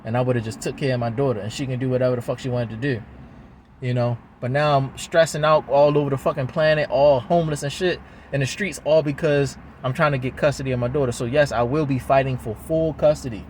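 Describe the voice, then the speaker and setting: A man's voice: medium pitch, fairly even intonation, fast, darkish tone, a little hiss or hum. Heated, rambling man outdoors. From Baltimore, USA. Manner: heated, rambling, repetitive, swears often. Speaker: father talking to camera. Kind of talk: emotional venting monologue.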